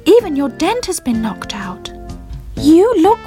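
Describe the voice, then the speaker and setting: A woman's voice: high voice, big pitch swings, unhurried, voice pushed up. A woman voicing an eager, kind kitchen utensil in a storybook reading, with music behind. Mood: cheerful. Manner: eager, delighted.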